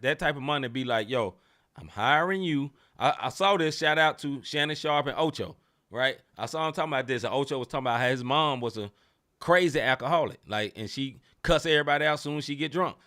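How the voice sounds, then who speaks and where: Emphatic slangy podcast co-host man. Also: medium pitch. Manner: animated, emphatic, slangy, repeats phrases. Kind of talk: casual sports talk.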